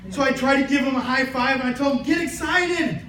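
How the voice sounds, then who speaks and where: A man's voice: very high-pitched, monotone, fast talker, fairly bright tone, roomy sound, recorded from a distance, slight background noise, low-quality recording. A man preaching a sermon as pastor, telling a story and building to emphatic preaching. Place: church sanctuary.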